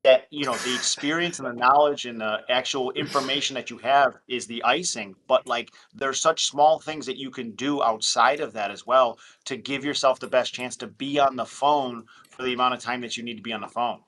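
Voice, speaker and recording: A man with a bright, forceful voice talking shop on a casual group call. He is animated and slips into quick impressions of callers as he talks. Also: medium pitch. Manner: animated, acts out phone calls in quick voices. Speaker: real estate investor.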